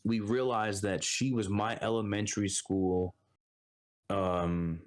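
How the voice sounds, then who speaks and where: A man's voice: fairly low pitch, steady tone, takes it slowly. A man from Brooklyn with a New York accent, a podcast guest in his thirties telling a story in casual conversation and acting out other people's lines. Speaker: podcast guest, Marine Corps reservist.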